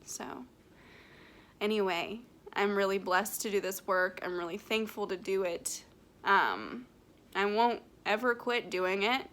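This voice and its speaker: Halting, emotional woman, slow and soft. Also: medium pitch. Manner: tearful, halting, grateful, many fillers and restarts. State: close to tears. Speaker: medium. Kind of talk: emotional personal vlog.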